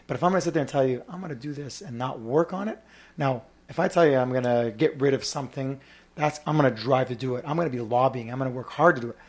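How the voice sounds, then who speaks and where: A man's voice: mid-range voice, rapid-fire. A man hosting a podcast and arguing politics with emphatic, campaign-speech passion. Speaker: podcast host. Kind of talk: heated political discussion.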